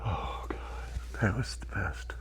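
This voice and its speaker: A man's voice: slow, a bit bright, in a whisper. A man reacting as a chiropractic patient, emotional and relieved, exclaiming and sighing in awe. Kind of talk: spontaneous reactions during treatment.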